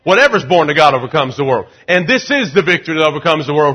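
A middle-aged man preaching as pastor, urging the crowd to repeat lines and swinging from loud rising calls to low, confiding asides. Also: lively intonation, quick pace, few pauses, breathy edge. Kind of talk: sermon.

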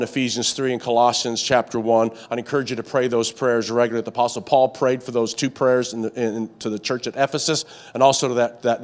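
A male pastor preaching a sermon to a congregation in a church, with a repetitive cadence, call-and-response prompts and stammering restarts when worked up. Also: mid-range voice. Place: church sanctuary with live and online congregation.

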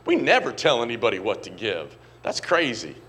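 A middle-aged man preaching a sermon, swinging from quiet, low asides to loud, shouted emphasis and often calling out to the congregation. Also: very animated, normal speed. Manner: repeats words and calls on the congregation. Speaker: pastor.

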